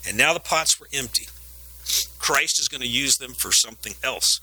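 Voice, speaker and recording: Bright-voiced man preaching on a headset. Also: medium pitch, lively intonation, normal speed, husky, low-quality recording. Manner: earnest, emphatic, repeats phrases for stress. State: sniffly, coughing between phrases. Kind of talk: sermon.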